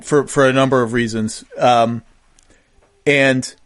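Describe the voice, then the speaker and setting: A man's voice: medium pitch, fairly even intonation, slow pace. A man hosting a podcast interview, asking eager, rambling questions. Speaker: podcast host. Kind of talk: casual interview.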